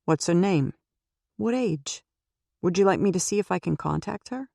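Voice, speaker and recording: Woman reading as a calm older nun. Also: fairly low pitch, moderate pace, vocal fry, no echo, clean studio sound. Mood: concerned. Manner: calm, gently probing questions.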